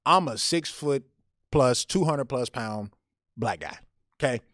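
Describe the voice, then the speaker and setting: A man tells a personal story on a podcast, talking in an animated way and often repeating his words. His voice swings widely in pitch around a mid range. The sound is dry and close, with no room echo. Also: takes it slowly.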